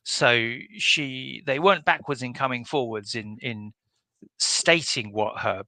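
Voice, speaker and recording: A man speaking as a theatre critic on a radio show, measured and a little hesitant, with frequent fillers. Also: mid-range voice, bright, forceful tone, dry recording. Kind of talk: casual radio chat.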